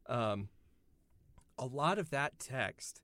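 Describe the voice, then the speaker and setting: A man's voice: medium pitch, lively intonation, drawn-out words, sharp tone, no echo. A man co-hosting a podcast, thoughtfully explaining ideas in a casual film discussion. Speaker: podcast co-host.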